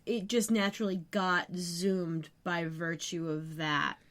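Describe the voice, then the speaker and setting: A woman's voice: fairly low pitch, level tone, slow, a bit bright. A young woman co-hosting a podcast, recapping scenes in a casual chat with wry, joking asides. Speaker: podcast co-host.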